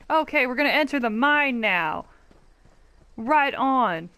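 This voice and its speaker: A woman's voice: fairly high pitch, animated, a little slow, bright, forceful tone, clean tone, no room sound. A woman giving casual, bubbly and self-mocking commentary while playing an online game. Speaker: gaming youtuber.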